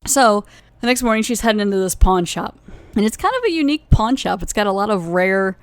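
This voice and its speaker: A woman's voice: medium pitch, animated, a little fast, clean tone, no echo. A woman hosting a podcast, casually recapping a TV episode in a rambling way, full of "like" and "you know" and self-corrections. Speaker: podcast host reviewing a TV episode.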